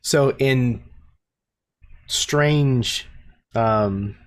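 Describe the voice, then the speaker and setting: A man acting as game master, describing the scenery of the game world in measured narration. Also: medium pitch.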